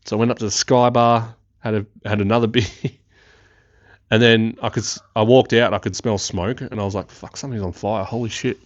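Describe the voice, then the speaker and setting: A young man with a lowish voice tells a rambling, excitable story, swearing and laughing as he goes. The recording is dry, with a slightly dull, muffled tone. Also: fairly quick, no echo. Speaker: podcast host. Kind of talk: casual storytelling.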